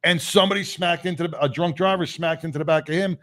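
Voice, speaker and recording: A man's voice: a little high, steady tone, fast, a bit bright. A man hosting a casual radio talk show, rambling with lots of fillers and restarts. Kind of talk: casual on-air banter.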